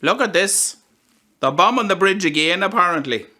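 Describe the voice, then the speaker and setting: A man's voice: sits high, animated, moderate pace, bright, forceful tone, exaggerated voice. A man playing a grumpy, cursing grandfather in an amateur film. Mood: scornful. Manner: cursing, scornful.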